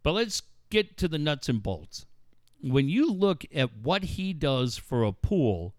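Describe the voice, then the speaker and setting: A middle-aged radio co-host with a slightly high voice tells stories in casual banter, swearing freely and laughing as he goes. He takes it slowly with big swings in pitch. The studio-quality recording has no echo.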